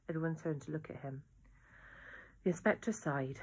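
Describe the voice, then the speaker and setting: A woman reads a children's novel aloud, her voice sitting low. Her delivery is steady and even, like a classroom storytelling session. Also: normal speed, pauses often, breathy edge. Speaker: reader.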